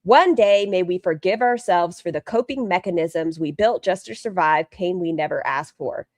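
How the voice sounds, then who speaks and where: A woman's voice: lowish voice, moderate pace, no echo, studio quality. A woman streaming live, chatting casually, swearing freely and answering her chat while reacting to a video. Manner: chatty, profane, reads chat aloud.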